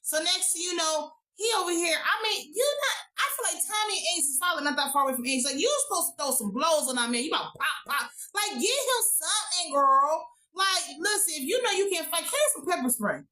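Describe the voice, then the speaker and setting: A woman recapping a TV episode in a casual vlog, animated, slangy and profane. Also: very high-pitched, quick pace, few pauses. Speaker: TV show reviewer.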